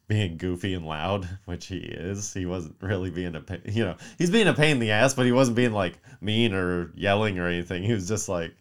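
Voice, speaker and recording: A man in his thirties, a podcast co-host, telling a long story in casual chat, animated and profane, acting out quotes. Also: deep voice, normal speed, hardly any pauses. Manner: mimics voices in quotes.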